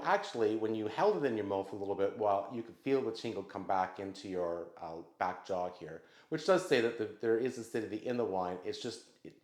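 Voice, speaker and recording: A man hosting his own vlog, explaining wines to the camera in a casual, conversational way. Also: fairly low pitch. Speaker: vlog host. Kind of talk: casual talk to camera about wine. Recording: echoey room.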